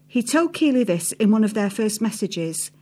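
A woman narrating a feature article in a steady read-aloud style, dropping her voice on the speech tags. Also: mid-range voice, normal speed. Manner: reads quotes with a lift, drops for speech tags. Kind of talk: scripted narration reading quotes aloud.

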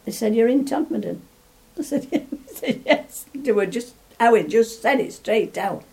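A woman's voice: fairly high pitch, lively intonation, moderate pace, vocal fry, warm tone. An older woman telling a story from memory in a rambling way, often restarting and chuckling. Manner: rambling, full of restarts, laughs while telling. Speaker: interviewee. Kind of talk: reminiscing storytelling.

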